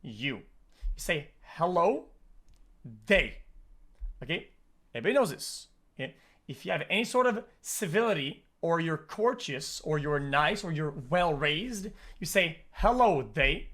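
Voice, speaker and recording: High-voiced excitable swearing man streamer. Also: moderate pace. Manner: excitable, swearing, repeating words and stumbling. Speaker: streamer reacting to a video. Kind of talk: profane reaction commentary.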